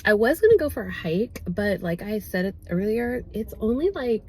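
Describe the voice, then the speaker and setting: A woman's voice: mid-range voice, sing-song, normal speed, mellow, breathy edge, poor audio. A woman vlogging in a casual, rambling way, with lots of fillers. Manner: chatty, rambling, many fillers. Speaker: fitness vlogger. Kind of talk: casual vlog chat. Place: outdoors then at home.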